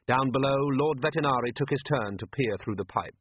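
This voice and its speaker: A man narrating a comic novel in an expressive, wry storytelling manner. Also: mid-range voice, brisk, few pauses, a little hiss or hum. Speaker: audiobook narrator. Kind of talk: scripted narration. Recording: dry, tinny phone-like sound.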